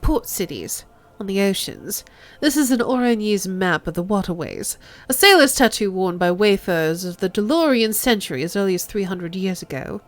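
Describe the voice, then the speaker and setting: A woman voicing a poised, unperturbed middle-aged negotiator who speaks in a measured, formal way. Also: medium pitch, expressive, soft background music, natural voice. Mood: explanatory.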